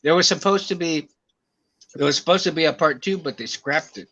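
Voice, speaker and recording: Man, casual chat, eager, laughs often, fairly high pitch, lo-fi. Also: brisk, sharp tone, slight background noise. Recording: dull lo-fi sound.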